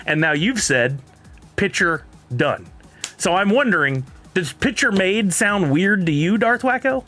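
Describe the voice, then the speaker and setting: A man's voice: a little high, very animated, moderate pace, bright, forceful tone, soft background music. A man with a Texan accent chatting casually on a live stream, rambling and laughing often while reading chat.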